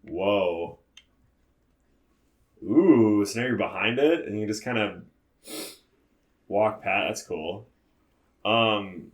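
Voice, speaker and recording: Loud rambling man, roomy echo. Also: on the low side, animated, slow pace, pauses often. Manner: loud, rambling, stacks repeated words and restarts. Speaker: let's play commentator. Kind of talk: casual gaming chat.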